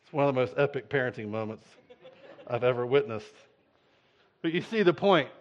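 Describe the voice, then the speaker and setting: A man preaching a sermon, telling a story in an animated way and acting out voices. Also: mid-range voice, brisk. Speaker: pastor. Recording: dull lo-fi sound.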